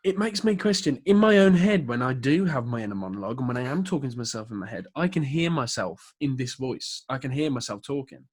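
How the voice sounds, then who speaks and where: A British man co-hosting a podcast, chatting casually in an animated, rambling way. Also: medium pitch, fast talker, hardly any pauses, husky. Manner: animated, rambling, playful accent impressions. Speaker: podcast co-host. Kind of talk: casual chat.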